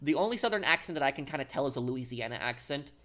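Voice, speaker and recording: A man streaming a game, chatting casually and haltingly, reading out and answering chat. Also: mid-range voice, lively intonation, sharp tone.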